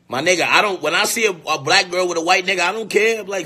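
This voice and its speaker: A man's voice: sits high, fast talker, few pauses, a little hiss or hum. A man delivering a crude, brash ranting monologue to camera. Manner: brash, crude, loud and often laughing. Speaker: vlogger.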